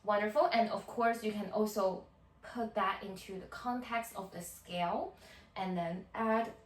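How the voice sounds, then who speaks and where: A woman teaching violin in a tutorial, counting beats out in a slow, patient way. She is heard from a little way off in a roomy space, with violin playing around her words. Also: medium pitch, steady tone. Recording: roomy sound from a distance.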